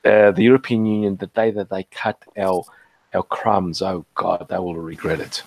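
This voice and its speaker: A man's voice: low voice, little pitch movement, moderate pace, vocal fry, darkish tone, slight background noise. A man from Portugal with an Australian accent, talking bluntly and profanely in a casual online group chat, sometimes stopping to search for words.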